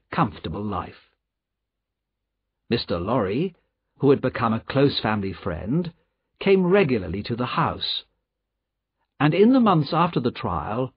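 A man narrating an audiobook in a slow, deliberate storytelling manner, in a dry, slightly dull recording. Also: medium pitch, husky, no room sound. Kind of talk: scripted narration.

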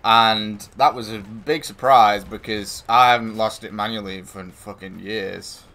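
Bright-voiced sweary streamer. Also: male voice, on the low side, fairly even intonation, unhurried. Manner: sweary banter, teasing. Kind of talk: casual gaming chat.

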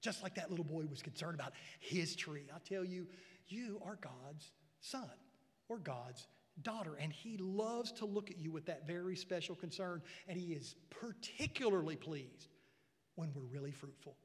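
High-voiced pastor in a reverberant church. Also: male voice, expressive, normal speed. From United States. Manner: swells loud on repeated phrases, then drops low and quiet; folksy asides. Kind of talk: sermon. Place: church sanctuary. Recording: preached in a church hall with long reverb.

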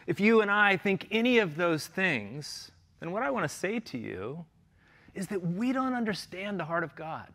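A man's voice: high voice, very animated, normal speed, fairly bright tone. A middle-aged man, a pastor preaching a sermon in an earnest way, asking his listeners question after question.

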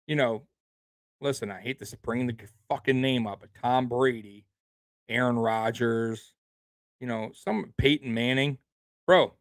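A man's voice: medium pitch, no room sound, studio quality. A man hosting a sports show, delivering a heated, profane rant that keeps repeating its points for emphasis.

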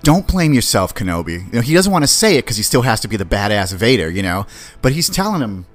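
A man hosting a podcast, casually and excitedly retelling and reviewing a series, swearing and acting out quotes. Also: lowish voice, quick pace, soft background music. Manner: enthusiastic, acts out quotes, swears. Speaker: podcast host.

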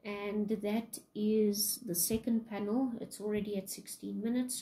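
A woman's voice: medium pitch, flat delivery, unhurried, hardly any pauses, dark tone, poor audio. Chatty woman teacher with fillers. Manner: chatty, many fillers and likes. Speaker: English teacher. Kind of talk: casual lesson retelling a play.

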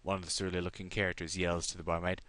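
A man's voice: deep voice, little pitch movement, quick pace, a bit bright. A man hosting a let's play, chatting and reading game text aloud.

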